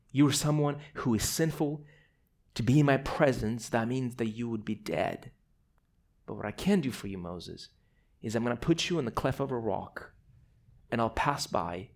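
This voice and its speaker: Male preacher doing a gentle divine voice, soft, low, calm, sermon retelling. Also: normal speed, long pauses, close to an everyday voice. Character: calm, gentle deity speaking softly.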